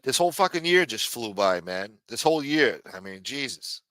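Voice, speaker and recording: A man rambles through a casual livestream, cursing freely and ending half his sentences with "man." His voice is bright and forceful, and the sound is close and dry. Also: mid-range voice, big pitch swings, normal speed, no echo. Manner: rambling, profane, says "man" a lot. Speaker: livestream host.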